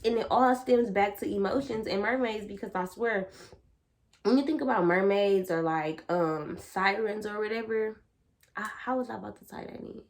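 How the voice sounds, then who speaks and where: A young woman vlogging a casual spiritual chat to her viewers, blunt and animated, full of slang and swearing. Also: medium pitch, normal speed. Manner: blunt, profane and animated, lots of slang and 'bitch' as filler. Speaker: vlogger and tarot reader.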